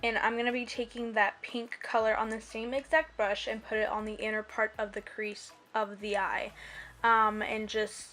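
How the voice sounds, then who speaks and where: Bright-voiced chatty young woman. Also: a little high, level tone, moderate pace, faint music behind. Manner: chatty, rambling, many ums and likes. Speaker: beauty vlogger. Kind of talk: casual makeup tutorial voiceover. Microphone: voiceover mic.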